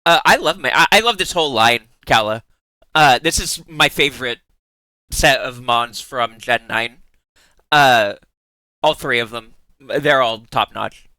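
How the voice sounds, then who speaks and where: A man's voice: mid-range voice, unhurried, bright, forceful tone, dry recording. A man streaming live in casual chat, giggling often and rambling in playful asides with many restarts.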